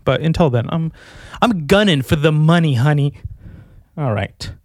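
A man's voice: on the high side, expressive, normal speed, dry recording. Profane rambling man, dry close sound. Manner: profane, rambling and self-mocking. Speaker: podcast host. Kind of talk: casual solo podcast monologue. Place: at home with his dog.

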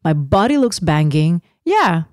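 A middle-aged woman co-hosting a podcast, telling a story in lively casual chat and laughing often. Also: lowish voice, measured pace, no room sound, studio quality. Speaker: podcast co-host.

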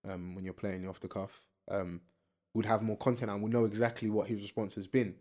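Young man, animated chat. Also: on the low side, brisk. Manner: animated, slangy, talks over his co-host. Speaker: podcast co-host. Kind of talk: casual chat about UK rap beefs.

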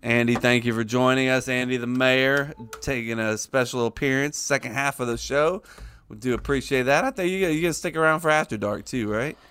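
A man's voice: mid-range voice, brisk, fairly bright tone, smooth. Profane, teasing male podcast host. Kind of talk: casual podcast banter.

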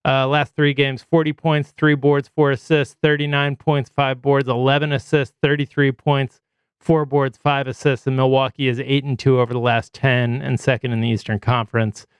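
A man's voice: medium pitch, little pitch movement, normal speed, clear, resonant tone, no room sound. A man hosting a casual sports podcast, chatty and reeling off player stats with plenty of fillers. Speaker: podcast host.

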